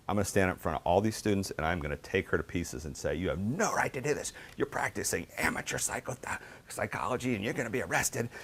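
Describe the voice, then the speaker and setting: A middle-aged man giving a book talk, telling casual, animated anecdotes with lots of fillers. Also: low voice. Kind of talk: storytelling talk.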